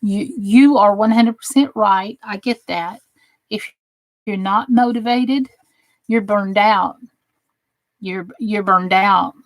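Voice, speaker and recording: A woman's voice: mid-range voice, slow pace, pauses often, no echo. A woman with a Southern US accent hosting a crafting channel, chatting casually with viewers, sarcastic and teasing at times and earnestly encouraging at others.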